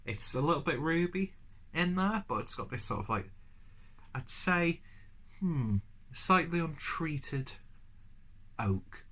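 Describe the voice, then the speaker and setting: A man's voice: fairly high pitch, sing-song, measured pace, fairly bright tone. Stuffy-nosed man rambling through a review. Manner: rambling, chatty, self-deprecating. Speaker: beer reviewer. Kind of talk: casual review vlog.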